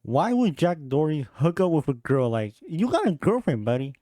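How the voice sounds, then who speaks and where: A man's voice: fairly high pitch, very animated, normal speed, dark tone, dry recording. A man hosting a reaction video, incredulous and exclamatory, stammering when shocked. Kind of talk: casual reaction commentary.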